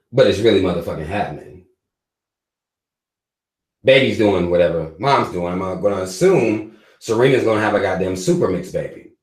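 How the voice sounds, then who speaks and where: Dude ranting on a live stream, swears a lot, voice jumps all over, echoey room. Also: male voice, medium pitch. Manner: animated, swearing, laughing often. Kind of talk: casual profane commentary.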